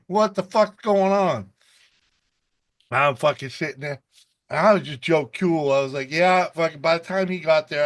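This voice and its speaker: A man's voice: on the high side, a bit bright. A man hosting a casual video call chat, rambling through a profane story and laughing often. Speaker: host.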